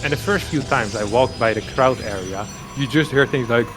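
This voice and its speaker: A man casting a live esports match, chatty and swelling into excited play-by-play. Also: mid-range voice, normal speed, over music. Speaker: esports caster.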